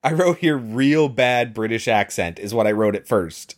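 A man in a relaxed podcast conversation, explaining things in a wry, amused way. His voice sits at an ordinary middle pitch, and he laughs easily as he picks a film apart. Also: normal speed. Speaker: podcast co-host. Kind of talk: casual chat reviewing a film.

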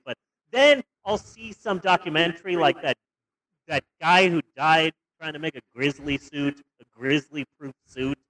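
A young man co-hosting a podcast, telling stories in a rambling, animated way with stumbles and restarts. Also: on the high side, measured pace, low-quality recording. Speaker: podcast co-host. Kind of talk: casual comedic movie review chat.

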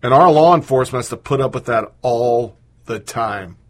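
A man's voice: mid-range voice, moderate pace. A man hosting a podcast, ranting with frequent swearing. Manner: ranting, profane. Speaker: podcast host. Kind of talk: podcast commentary.

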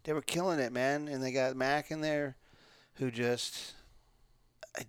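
A man's voice: medium pitch, fairly even intonation, unhurried, smooth, no echo. A man co-hosting a casual sports podcast who teases and cuts in often. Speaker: co-host.

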